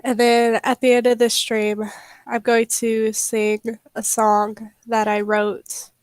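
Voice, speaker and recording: Soft, slow-talking young woman streamer. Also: a little high, completely flat delivery, clean tone, no room sound. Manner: halting, soft-spoken, many fillers. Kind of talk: casual livestream chat.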